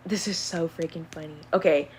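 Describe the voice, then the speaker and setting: A woman's voice: sits low, steady tone, moderate pace, a little mellow, slight background noise. A woman in her early twenties chatting casually on a live stream, rambling and easygoing, with lots of fillers as she answers questions. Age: early 20s.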